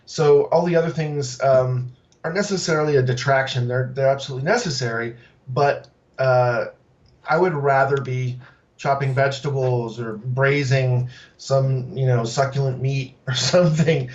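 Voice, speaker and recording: Halting food truck owner, heard from afar. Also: male voice, mid-range voice, fairly even intonation, a little mellow, distant mic, highs cut off. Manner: halting, many fillers and restarts. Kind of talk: casual interview talk.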